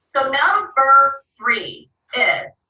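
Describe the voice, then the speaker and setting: Animated woman trainer in an echoey room. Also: sits high, drawn-out words. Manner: animated storyteller, acts out quoted voices. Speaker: direct sales trainer. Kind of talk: training seminar talk. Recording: echoey room, voice a bit far from the mic.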